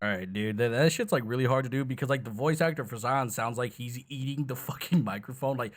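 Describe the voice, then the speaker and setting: A man's voice: medium pitch, quick pace. Tired man rambling casually with swearing. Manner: rambling, profane, self-deprecating. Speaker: gaming channel host. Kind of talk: casual tutorial chat.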